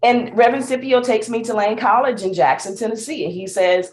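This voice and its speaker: A middle-aged woman from Mississippi with a Southern accent, a singer telling her life story in an interview, animated and laughing often. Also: on the high side, a little fast, reverberant. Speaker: guest, singer and speaker.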